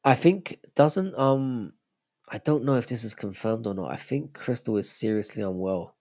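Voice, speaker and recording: A man's voice: mid-range voice, moderate pace, darkish tone. A young man hosting a casual live stream, chatting loosely and answering viewers' messages as he reads them out. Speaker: livestream host.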